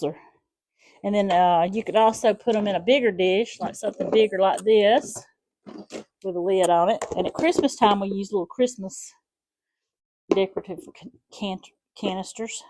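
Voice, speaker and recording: A woman's voice: mid-range voice, mellow, a little hiss or hum. A middle-aged woman with a South Alabama accent, chatting through a home cooking demonstration in a folksy, rambling way. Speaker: home cooking channel host.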